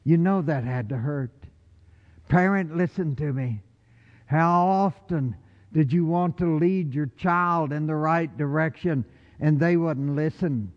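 A man preaching a sermon with passion, rising to loud calls and dropping to hushed lines. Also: a little high, takes it slowly. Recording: dull lo-fi recording with long hall reverb.

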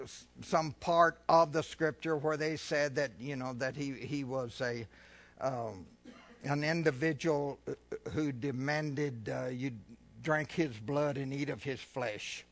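A man preaching a sermon, reading scripture slowly and loudly and then explaining it in a quieter, conversational voice. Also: creaky, no room sound. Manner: reads scripture slowly and loudly, asides in a lower voice; addresses listeners as folks, with fillers.

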